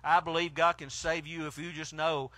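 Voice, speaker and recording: Man, fiery preacher; high, ringing voice, bursts of shouting, then drops low. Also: flat delivery, normal speed, dry recording. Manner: swings between hushed and shouted exclamations. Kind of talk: fiery country sermon. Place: outdoor drive-in church service.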